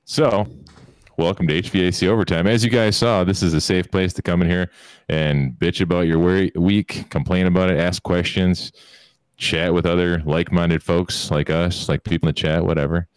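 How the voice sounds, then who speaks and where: A man's voice: low voice, moderate pace, clean tone, dry recording. A man hosting a casual podcast, cracking jokes and welcoming listeners. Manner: wisecracking, relaxed. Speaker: podcast host. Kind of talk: casual chat.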